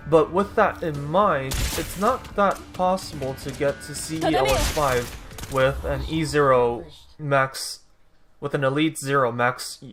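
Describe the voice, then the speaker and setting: A man's voice: a little high, slow pace, music in the background. Man casually narrating his gameplay. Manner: rambling, self-correcting, dry sarcasm. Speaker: gaming YouTuber.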